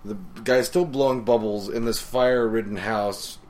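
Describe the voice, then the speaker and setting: A man's voice: fairly low pitch, steady tone, normal speed, darkish tone, slight background noise. A man co-hosting a podcast in casual chat, recapping a story playfully with jokes. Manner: playful, joking. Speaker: podcast co-host.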